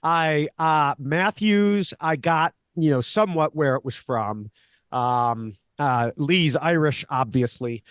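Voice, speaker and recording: A man co-hosting a podcast, recapping a reality show in a casual, animated way and laughing often. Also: on the high side, slow pace, clean tone, no room sound, studio quality. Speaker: podcast co-host, Survivor expert.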